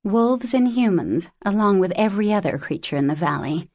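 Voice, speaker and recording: A woman narrating a fantasy audiobook in a measured, expressive storytelling voice, recorded in a studio. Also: mid-range voice, dry recording. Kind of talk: scripted narration.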